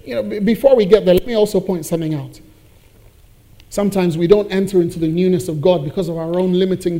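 A man's voice: high-pitched, darkish tone. A male pastor preaching a sermon to his congregation, emphatic and building in force on key phrases.

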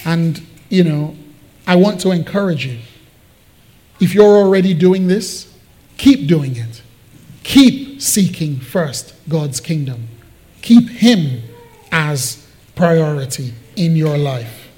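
A man's voice: on the high side, lively intonation, slow, long pauses, warm tone. A man preaching a sermon as pastor, emphatic and repetitive, addressing his congregation.

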